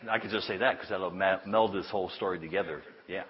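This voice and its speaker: A man preaching to a congregation, telling a personal story in a chatty, self-amused way and dropping to a hush for the tender lines. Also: sits low, steady tone, quick pace. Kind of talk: sermon storytelling. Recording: dull lo-fi sound.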